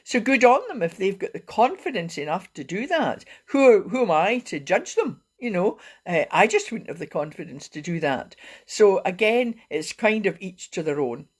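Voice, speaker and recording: A woman's voice: medium pitch, big pitch swings, moderate pace, hardly any pauses, breathy edge. A middle-aged woman, a wellbeing coach talking casually on a live stream in a chatty, rambling way. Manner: chatty and rambling, with frequent fillers and laughs.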